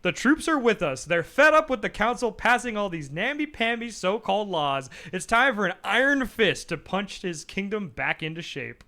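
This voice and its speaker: Gruff, plain-spoken female marshal of a kingdom, reading as a rough soldier with no patience for the council, as a man puts her on. The voice rides high and swings widely, delivered in a brusque, matter-of-fact way for a narrative video game. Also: big pitch swings, moderate pace, few pauses, pushed and bright, full character voice. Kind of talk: reading game dialogue aloud on a livestream.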